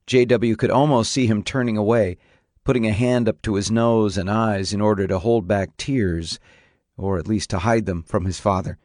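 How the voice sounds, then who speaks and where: A man narrating a novel on radio in a measured, even storytelling manner. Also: lowish voice, no room sound, studio quality. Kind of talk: audiobook reading on radio.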